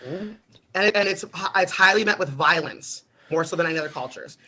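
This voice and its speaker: This young American man is a guest on a podcast, telling stories animatedly at a normal pace with a slightly high voice. He laughs often and swears freely, and there's some background noise.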